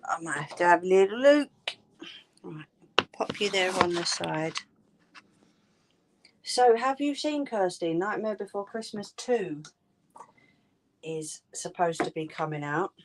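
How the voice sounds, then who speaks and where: A woman's voice: lowish voice, animated, unhurried, pauses often, a little hiss or hum. A woman chatting casually and informally with viewers on a home crafting livestream, laughing often.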